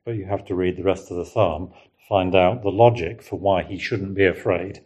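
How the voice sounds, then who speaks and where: A man with a fairly low voice gives a relaxed Bible teaching. He muses aloud and keeps checking in with his listeners through rhetorical questions. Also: moderate pace, slightly rough. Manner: conversational, musing, asks the listeners rhetorical questions. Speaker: preacher.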